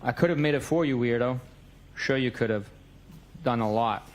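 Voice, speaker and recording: A man's voice: medium pitch, moderate pace. A man in a courtroom reading out both sides of a text message exchange, stating the date and time of each message.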